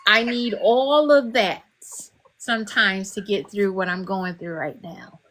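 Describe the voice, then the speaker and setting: Woman, guest author, casual podcast chat, emotional, candid, swears, laughs a lot, mid-pitched voice. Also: unhurried, fairly bright tone, a little hiss or hum.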